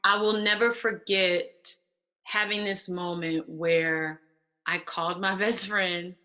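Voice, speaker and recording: A woman guest telling a personal story in casual conversation, animated and acting out quoted voices. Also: lowish voice, takes it slowly. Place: church stage.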